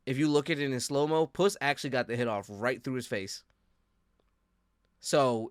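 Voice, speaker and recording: A man's voice: mid-range voice, normal speed, pauses often, dry recording, studio quality. A man hosting a casual podcast, rambling loosely with lots of "like" and teasing his co-host. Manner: loose, rambling, heavy use of "like"; animated, teasing coaching. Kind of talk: casual chat.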